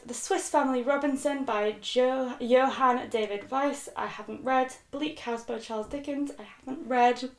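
A young British woman vlogging about books, chatty and self-mocking as she reads a list aloud. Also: on the high side. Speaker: book vlogger. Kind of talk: casual chat. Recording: echoey room.

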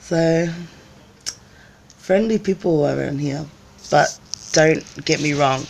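A woman's voice: low voice, gravelly, slight background noise. A woman vlogger chatting casually on a live stream, telling stories and acting out other people's voices. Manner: chatty storyteller, acts out voices, laughs often.

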